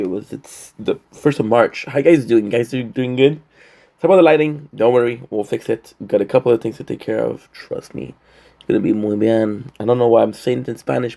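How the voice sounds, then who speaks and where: A man's voice: lowish voice, creaky, dark tone. A man vlogging to camera in a rambling, joking monologue, short on sleep. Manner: rambling, joking, playful asides. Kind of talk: casual vlog monologue to camera.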